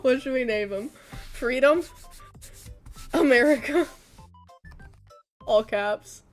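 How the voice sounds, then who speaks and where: A woman's voice: high-pitched, slow pace, faint music behind. A young woman streaming a game, chatting casually with her chat and laughing often. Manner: chatty, giggly, talking to chat.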